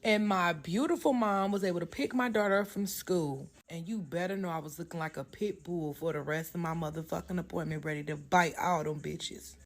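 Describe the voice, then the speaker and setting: A woman who works as a hairstylist, telling a salon story in a blunt, profane, animated way. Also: lowish voice, fairly quick, few pauses. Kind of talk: casual storytime.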